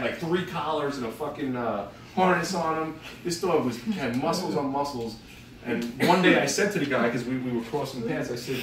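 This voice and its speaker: A man's voice: mid-range voice, recorded from a distance, a little hiss or hum. A man telling rambling, profanity-filled, laughing stories about his dog to a group. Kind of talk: casual storytelling tribute. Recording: very echoey, off-mic, crowd behind.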